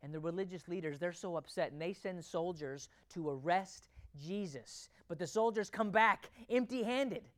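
With a medium pitch, a normal pace, and few pauses, this pastor delivers an emphatic sermon to the congregation, full of rhetorical questions and shifts between loud and soft passages.

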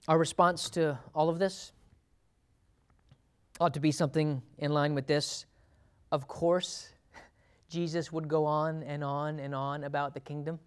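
A man delivers a relaxed, conversational Bible sermon, often laughing softly between points. His voice sits a little high for a man, and he jumps even higher when he plays out quoted lines. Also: measured pace, pauses often, smooth. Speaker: preacher.

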